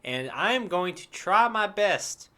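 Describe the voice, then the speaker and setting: A man in his thirties with a bright, forceful voice, a little higher than most men, talking casually on a podcast. He tells stories in a lively way, swears freely and laughs as he goes. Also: measured pace. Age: 30s. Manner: animated, swearing, laughing storyteller. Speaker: podcast co-host. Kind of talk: casual chat.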